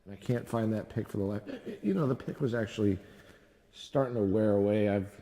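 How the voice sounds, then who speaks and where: A music-making streamer talks fairly quickly in a fairly low, mellow voice during a casual chat from his home studio. His talk rambles, includes self-deprecating jokes, and features repeated tongue twisters.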